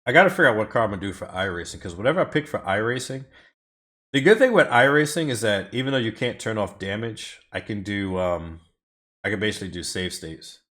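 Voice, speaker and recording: A man with a low-pitched voice chats loosely while driving a racing game on a live stream. His speech swings widely in pitch as he rambles, swears freely and answers his chat. He is talking from home at his racing setup. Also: animated, fast talker, a bit bright. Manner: rambling, swears often, talks back to chat. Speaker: streamer doing racing time trials.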